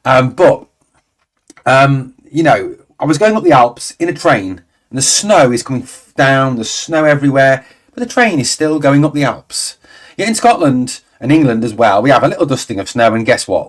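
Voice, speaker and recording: This fan channel host, a man in his 40s, speaks at normal speed in a mid-range voice with lively intonation. He casually rambles through the comments from his livestream viewers, interjecting exasperated asides.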